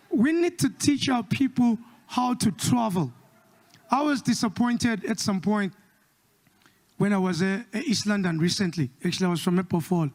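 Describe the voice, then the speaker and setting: A South African man doing stand-up comedy with a South African accent, mixing English and Xhosa and slipping into quick impressions. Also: high voice. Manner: switches between English and Xhosa, lively impressions.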